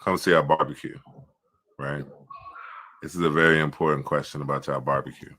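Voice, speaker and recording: A man on a livestream, joking and playfully quizzing a caller. He has a very deep voice with a sharp, bright edge. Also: steady tone, fairly quick. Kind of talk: casual banter.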